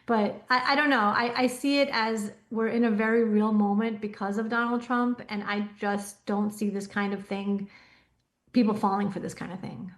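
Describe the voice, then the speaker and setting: A woman's voice: medium pitch, flat delivery, moderate pace. A woman appearing as a guest commentator on a talk show, giving firm, dismissive opinions.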